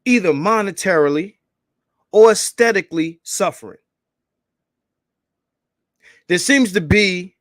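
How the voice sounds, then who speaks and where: A man hosting a casual livestream, hyped and profane, calling out shout-outs to viewers and begging for likes. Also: high voice, animated, moderate pace, no room sound, clean studio sound. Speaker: livestream host.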